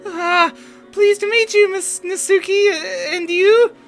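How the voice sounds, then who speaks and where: A streamer squeaking as Monika, shrill schoolgirl. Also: fairly even intonation, slow, a bit bright, soft background music, full character voice. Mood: puzzled. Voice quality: high falsetto. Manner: shrill and theatrical. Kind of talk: reading a visual novel aloud in voices.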